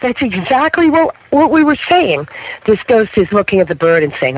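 A man's voice: sits high, big pitch swings, normal speed, slight background noise. Middle-aged man telling spooky stories on radio. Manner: storytelling, keeps checking in with "okay?". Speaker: paranormal investigator guest. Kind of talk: radio talk show interview. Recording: muffled radio broadcast.

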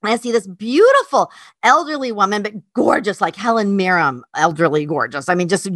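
A woman from North Carolina, a podcast host and dog trainer, telling a heartfelt story in a casual, animated way. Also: mid-range voice, fairly quick, dry recording, studio quality. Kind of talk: casual chat.

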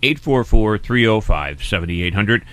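A middle-aged man with a fairly low voice hosts a casual radio talk show. He rambles loosely, dropping fillers and quick asides between on-air announcements. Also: expressive, a bit bright.

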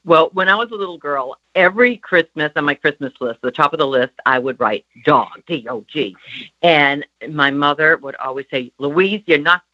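A woman guest and co-author telling a warm, lively personal story in conversation. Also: deep voice, normal speed, dull audio. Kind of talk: storytelling in a chat.

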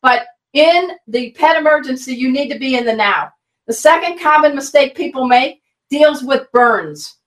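A woman teaches pet first aid as an interview guest, vivid and instructive in a folksy, energetic way. Her voice sits high. The sound echoes around a room, and she sits somewhat back from the mic. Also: moderate pace, distant mic. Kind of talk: guest expert in an online interview. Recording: roomy, a bit off-mic.

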